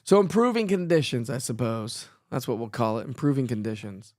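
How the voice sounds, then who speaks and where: A playful man talks through a relaxed live weather show, chatting freely and teasing himself. His voice sits in an ordinary middle range. The sound is close and dry, with no room around it. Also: mid-range voice, a little fast, no room sound. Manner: chatty, playful, self-joking, laughs often. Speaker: weather forecaster host. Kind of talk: casual live weather chat.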